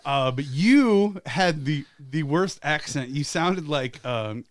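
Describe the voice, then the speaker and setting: A man's voice: fairly high pitch, lively intonation, slow pace, a little hiss or hum. A man guest on a podcast, telling old stories in a casual, joking and swearing manner. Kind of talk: casual storytelling chat.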